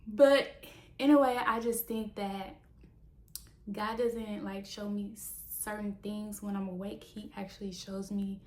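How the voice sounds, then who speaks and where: A woman's voice: mid-range voice, measured pace. Chatty young woman in an echoey room. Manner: animated, mock-dramatic storytelling. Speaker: small business owner. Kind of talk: casual vlog talk. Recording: roomy echo.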